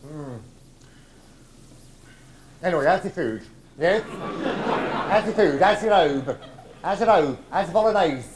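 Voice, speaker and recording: An actor playing a camp, waspish older English comic with a drawn-out theatrical delivery. He gossips crudely and swings into indignant outbursts. Performed live on stage as a monologue. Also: a little high, noisy background, close to an everyday voice. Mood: fussy coaxing. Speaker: stage actor in a one-man show.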